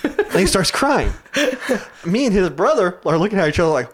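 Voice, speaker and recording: A man's voice: sits high, very animated, moderate pace, breathy edge. Young man, casual storytelling, frequent laughter, heavy swearing. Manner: laughs often while telling a story, swears freely. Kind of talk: casual chat.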